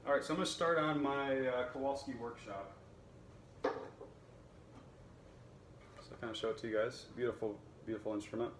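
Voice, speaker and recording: A man who teaches and sells violins, talking casually to camera in a relaxed, chatty way with plenty of fillers. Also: medium pitch, normal speed, long pauses, a little hiss or hum. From United States.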